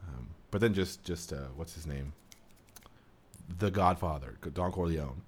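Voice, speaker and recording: A man's voice: deep voice, unhurried, a little hiss or hum. A man co-hosting a podcast in casual chat, rambling and amused, with lots of fillers. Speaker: podcast co-host.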